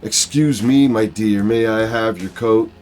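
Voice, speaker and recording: A man's voice: fairly low pitch, unhurried, darkish tone, soft background music, close to an everyday voice. A man voicing a smug, scheming male mad-scientist villain from a comic book. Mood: gloating.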